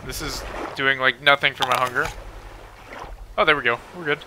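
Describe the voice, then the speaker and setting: A young man doing excitable gaming commentary at home, swinging into panicked yelling. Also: medium pitch, normal speed, long pauses, a little hiss or hum. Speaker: let's play gamer.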